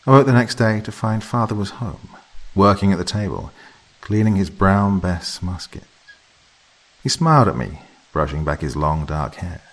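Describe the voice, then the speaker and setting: A man narrating a horror story in a measured, softly dramatic storytelling manner. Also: sits low, breathy edge, low-quality recording. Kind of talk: scripted narration.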